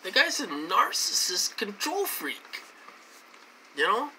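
An adult from the United States ranting to camera in a casual vlog, agitated and repetitive, cursing, with a voice that jumps high when indignant. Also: wildly swooping pitch, slow pace, bright, forceful tone, slight background noise. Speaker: vlogger.

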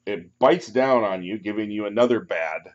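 A man with a fairly low voice runs a tabletop game as game master, calling rolls and outcomes in a relaxed, matter-of-fact tone. The recording is dull and lo-fi, with a faint hum of room ambience behind him. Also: normal speed.

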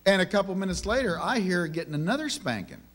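A man's voice: high-pitched, very animated, quick pace. A man giving a conversational sermon on parenting, telling family stories and asking the audience rhetorical questions. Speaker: minister teaching on parenting.

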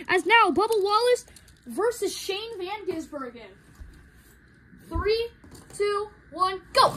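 Woman race caller, very high voice, hurried hobby commentary with excited shouts at the line. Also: slight background noise. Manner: excitable, rushed, rising to shouts at finishes.

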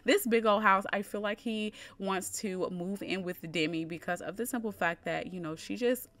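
A woman's voice: medium pitch, moderate pace, a bit bright. A woman casually narrating her life-sim gameplay as host, chatty and rambling with plenty of fillers. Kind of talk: casual let's-play commentary.

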